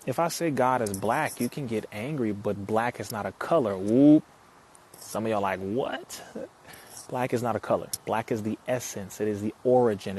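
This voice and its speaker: A man's voice: fairly low pitch, darkish tone, a little hiss or hum. A man hosting a casual live stream, talking straight to viewers in an emphatic way, repeating lines for effect and answering comments as they come in.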